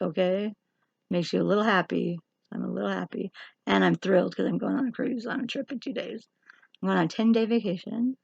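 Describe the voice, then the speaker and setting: A woman's voice: medium pitch, creaky, slightly rough, no echo. A woman hosting a chatty livestream makeup tutorial, rambling and teasing herself as she works. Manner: rambling, joking, self-teasing. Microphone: camera or phone livestream. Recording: dull lo-fi sound.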